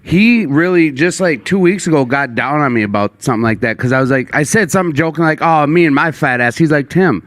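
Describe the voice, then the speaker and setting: A man's voice: on the high side, animated, fast talker, few pauses, fairly bright tone, no room sound. A man hosting a casual recovery podcast, joking and self-deprecating as he rambles through stories. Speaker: podcast host.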